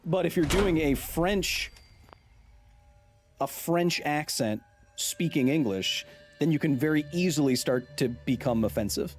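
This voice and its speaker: A man's voice: a little high, a little slow, soft background music. A man doing live gameplay commentary as a science streamer, reacting to the game and reading chat aloud.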